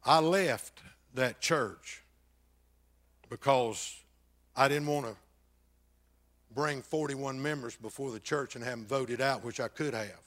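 An older man, a pastor telling a personal testimony that swings between loud bursts and hushed, near-whispered passages. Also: medium pitch, slow, long pauses.

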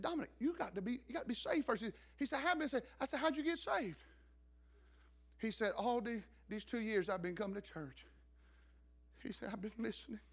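A middle-aged man preaches a story-driven sermon from the pulpit. His voice sits very high and rings bright and forceful. He drops to hushed asides, then builds up to shouts. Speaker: pastor.

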